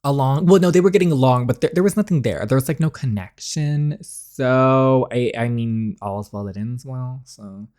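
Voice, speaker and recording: A man's voice: medium pitch, moderate pace, hardly any pauses, a little mellow. A chatty man plays through a dating game on video, reading the scenes aloud. He breaks off into rambling asides, restarting his sentences as he talks. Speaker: gaming YouTuber.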